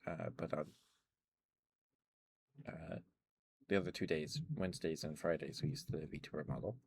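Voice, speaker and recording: A man chatting casually with stream viewers, relaxed and rambling with soft laughs. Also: a bass voice, normal speed, gravelly, slightly rough. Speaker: ASMR streamer.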